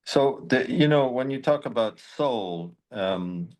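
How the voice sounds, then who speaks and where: A man's voice: mid-range voice, lively intonation, slow pace, a little mellow. A man hosting a reflective conversation, thoughtful and conversational, often searching for words. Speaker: podcast host.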